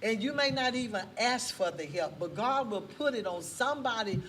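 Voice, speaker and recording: A woman telling a faith story as a guest on a casual talk show, lively and full of church exclamations. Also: fairly high pitch, moderate pace. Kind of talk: testimony in a casual chat. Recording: distant mic with faint background noise.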